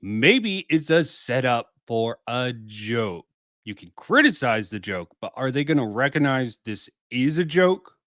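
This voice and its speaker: A man's voice: mid-range voice, very animated, a little slow, fairly bright tone, no echo, studio quality. A man hosting a commentary video, reacting to clips in a musing, questioning way.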